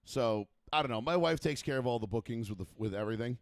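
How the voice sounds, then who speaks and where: A man hosting a casual sports talk show, rambling and profane, with fast banter. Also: mid-range voice, expressive, dry recording. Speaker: host.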